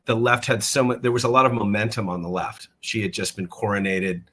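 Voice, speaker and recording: Low-voiced man, halting interview chat. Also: steady tone, pushed and bright, poor audio. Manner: halting, repeats words while thinking. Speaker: guest musician.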